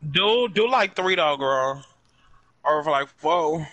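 A man's voice: on the high side, expressive, slow, sharp tone. A man playing a game with friends on stream, joking in sassy banter. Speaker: gaming stream co-player. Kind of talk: casual gaming stream chat.

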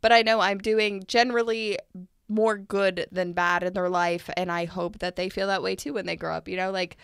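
A woman co-hosting a podcast in casual conversation, earnest and animated, with many "like" fillers. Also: medium pitch, moderate pace, vocal fry, smooth, no room sound, clean studio sound. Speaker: podcast co-host.

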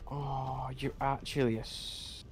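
A man's voice: mid-range voice, flat delivery, takes it slowly, soft background music. A man playing a video game, muttering and swearing at it as he goes. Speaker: gamer. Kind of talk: game commentary.

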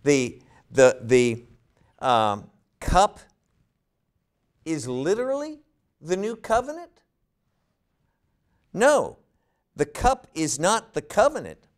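A man teaching a Bible lesson at an unhurried pace, his fairly high voice rising and falling a lot. He poses rhetorical questions to his listeners and often repeats words while he gathers his thoughts. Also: wildly swooping pitch. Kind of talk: Bible study lecture.

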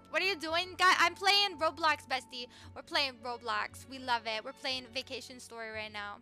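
A woman's voice: sits high, moderate pace, hardly any pauses, bright, forceful tone, faint music behind. A young woman live-streaming a game, chatting with her viewers in a bubbly, gushing way as she reads the chat. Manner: bubbly, chatty, says bestie and slay. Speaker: livestreamer.

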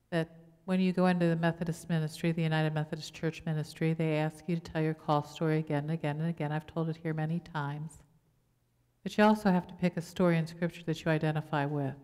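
Low-voiced woman pastor preaching in a reverberant church. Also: darkish tone. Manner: conversational preaching with rhetorical questions. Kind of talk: sermon. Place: church sanctuary.

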